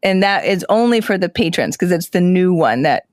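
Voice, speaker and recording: A woman's voice: lowish voice, expressive, moderate pace, dry recording. Woman, podcast co-host, upbeat and teasing, reads titles cleanly, dry close sound. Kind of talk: casual podcast chat.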